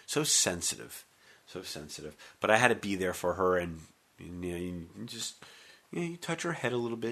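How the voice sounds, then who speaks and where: Low-voiced joking sports radio host. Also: male voice, brisk. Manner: energetic, joking, conversational. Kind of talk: talk radio monologue.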